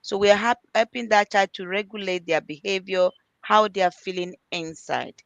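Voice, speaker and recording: A medium-pitched, gravelly, fairly bright woman's voice comes through with no room sound at a normal speed. As a middle-aged early years practitioner and panel guest, she earnestly shares parenting advice, going over key points repeatedly and acting out exchanges with children.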